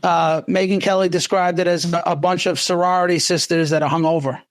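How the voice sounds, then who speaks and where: High-voiced man chatting, dry sound. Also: flat delivery, a little fast, dry recording. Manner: talks in restarts and asides. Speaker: podcast co-host, former police officer. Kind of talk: casual discussion.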